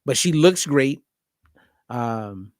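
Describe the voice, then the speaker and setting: A man hosting a casual podcast conversation as a diet coach, telling a story with lively acted-out dialogue. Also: medium pitch, drawn-out words, no room sound, clean studio sound. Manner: animated storyteller acting out both sides of a phone call.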